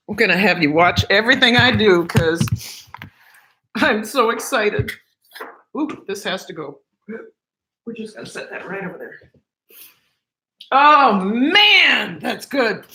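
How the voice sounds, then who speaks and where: A woman's voice: medium pitch, animated, measured pace, long pauses, bright, forceful tone, roomy sound, a little hiss or hum, rough recording. A woman talking casually to camera in her home kitchen, gushing and emotional as she eats. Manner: gushing and emotional, talks while eating. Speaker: cooking vlogger.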